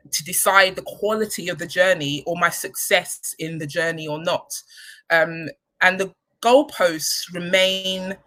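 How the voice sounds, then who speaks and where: Woman, candid personal talk, low-pitched, bright tone, reflective, hesitant ums. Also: low-quality recording. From United Kingdom. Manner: candid and reflective, many ums, emotional at times. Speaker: charity chief executive.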